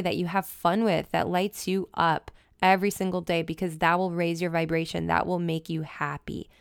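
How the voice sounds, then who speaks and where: A woman's voice: on the low side, gravelly, clean tone, dry recording. A woman hosting a wellness podcast and coaching, talking in an enthusiastic, chatty, emphatic way into a close mic. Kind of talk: casual solo podcast talk.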